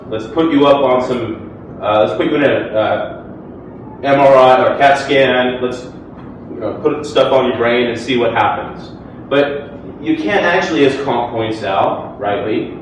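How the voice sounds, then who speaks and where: Speaking before an audience in a hall, a man makes his case in a formal debate, his medium-pitched delivery sincere, chatty and dotted with fillers. Recorded from afar, the sound is reverberant with slight background noise.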